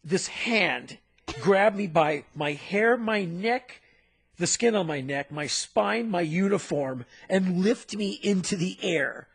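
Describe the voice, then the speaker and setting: A man co-hosting a podcast, telling a story in an animated, punchy way with sound effects. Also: high-pitched, slow pace, husky. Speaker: podcast co-host. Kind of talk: storytelling in casual chat.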